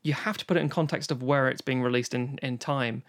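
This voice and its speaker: A man's voice: mid-range voice, brisk, a bit bright. A man co-hosting a podcast, chatting casually and enthusiastically about an old film, swearing freely and rambling with restarts. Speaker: podcast co-host. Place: home, recorded remotely during lockdown.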